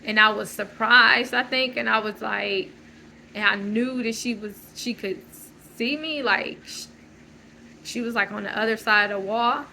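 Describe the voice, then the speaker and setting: A woman's voice: a little high, measured pace, gravelly, bright, forceful tone, slight background noise, rough recording. A woman talking through a loose, searching personal monologue, full of fillers and restarts. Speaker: channel host.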